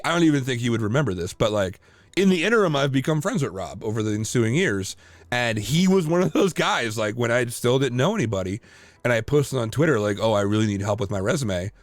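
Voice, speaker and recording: A man co-hosting a casual podcast chat, telling lively stories full of fillers and restarts. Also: mid-range voice, no room sound. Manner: animated storyteller, many fillers and restarts. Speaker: podcast co-host.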